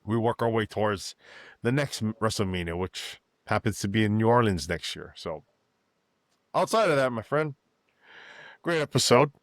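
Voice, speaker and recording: Casual podcast co-host, man, lowish voice, dry close mic, rambling and laid-back. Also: animated, moderate pace, pauses often, dry recording. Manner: easygoing, filler-heavy, hypes the wrestlers. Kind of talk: casual wrestling chat.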